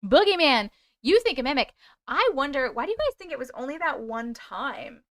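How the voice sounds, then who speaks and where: A woman with a high-pitched, very animated voice talks at normal speed while hosting a livestream. She reads out stories sent by viewers, chats back to comments, and sometimes sings bits of songs.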